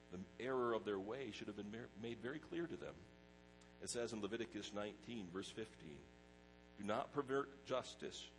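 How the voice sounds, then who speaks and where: Male pastor, sermon, conversational storytelling, low voice, animated delivery. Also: creaky, slight background noise, poor audio. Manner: conversational preaching with personal anecdotes.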